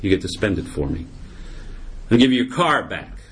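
A man's voice: fairly low pitch, big pitch swings, a little fast, fairly bright tone, husky, exaggerated voice. A man voicing God as a shrewd, matter-of-fact male figure who teases as he lays down a deal in a told story. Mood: firm. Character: male God, shrewd and firm, then generous.

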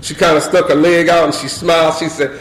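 A man's voice: fairly high pitch, a little fast. A middle-aged man telling a humorous personal story at a recovery meeting, acting out scenes and peppering his talk with "you know.". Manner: animated, acts out scenes, many "you know" fillers. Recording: echoey room with faint crowd noise.

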